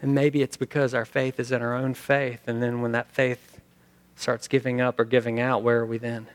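A male pastor preaching a sermon, animated, acting out the quoted lines with sudden shifts between loud and soft. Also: mid-range voice, normal speed. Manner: animated, acts out quotes, sings hymn lines.

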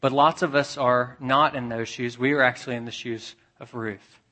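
A man preaching a sermon as pastor, earnest, dropping soft and low for the tender passages. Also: steady tone, normal speed.

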